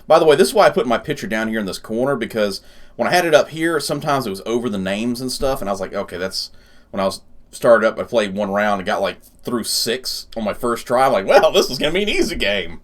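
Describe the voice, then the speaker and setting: Casual male gaming host, animated pitch, chatty and quick to laugh. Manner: chatty, laughs often, thinks aloud. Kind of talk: casual gameplay commentary.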